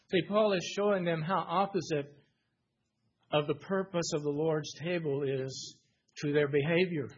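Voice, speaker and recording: Husky male preacher expounding Scripture. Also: on the high side, fairly even intonation, unhurried. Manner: reads verses aloud then explains them, repeating phrases for emphasis. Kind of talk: sermon reading and expounding Scripture. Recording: dull lo-fi recording.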